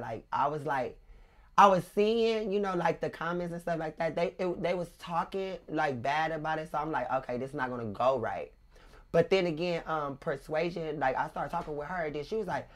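A woman guest in a casual interview chat, joking and animated as she retells her story in a Los Angeles vernacular accent. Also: sits low, normal speed. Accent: African American Vernacular English, Los Angeles. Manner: joking, laughs often, animated when retelling.

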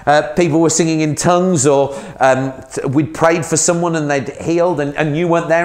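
Minister preaching conversationally. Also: male voice, fairly high pitch, steady tone, moderate pace, hardly any pauses, darkish tone. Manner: conversational preaching, asks the listener questions. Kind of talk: sermon.

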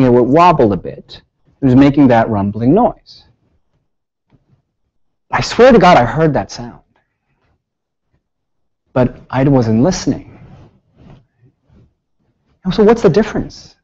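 A man giving a public lecture, telling stories with lively rhetorical questions. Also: mid-range voice, muffled recording. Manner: animated storytelling with rhetorical questions. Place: lecture hall.

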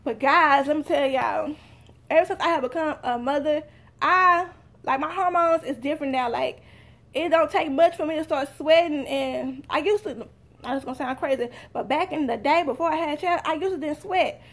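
A woman's voice: high voice, moderate pace, fairly bright tone. A young woman, chatting straight to her viewers in a casual haul vlog. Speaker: vlogger.

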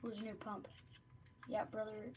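A woman's voice: medium pitch, flat delivery, a little slow, noisy background. Chatty woman streaming a game. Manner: chatty, rambling, drops to mutters. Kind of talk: casual gameplay commentary.

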